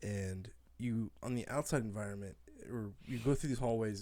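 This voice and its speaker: Lively storytelling man, dry close mic. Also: fairly low pitch, normal speed, hardly any pauses, no echo. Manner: animated storyteller, acts out quotes, laughs often. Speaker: podcast co-host. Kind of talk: casual chat.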